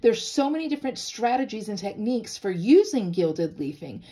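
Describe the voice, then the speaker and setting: A woman's voice: mid-range voice, sing-song, moderate pace, warm tone. A woman hosting a casual craft demonstration, playful and bubbly with self-deprecating jokes. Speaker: craft tutorial host.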